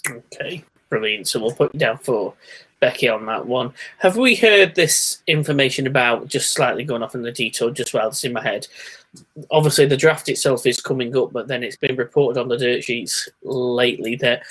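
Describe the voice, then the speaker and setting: A man's voice: mid-range voice, moderate pace, fairly bright tone, poor audio. A man co-hosting a casual wrestling talk show, laughing often and steering the discussion. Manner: laughs often, leads the segments. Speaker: podcast co-host.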